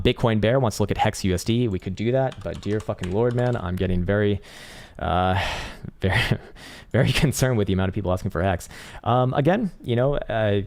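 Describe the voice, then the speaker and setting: A man's voice: fairly low pitch, darkish tone. A man hosting a casual crypto chart livestream, rambling and profane with lots of fillers, his voice strained and tired. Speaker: crypto trading livestream host.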